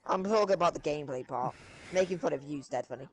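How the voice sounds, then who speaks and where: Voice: mid-range voice, fast, low-quality recording. A teasing co-player with a mid-range voice. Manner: teasing, deadpan ribbing. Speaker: co-player in a gaming video. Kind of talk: casual gameplay banter.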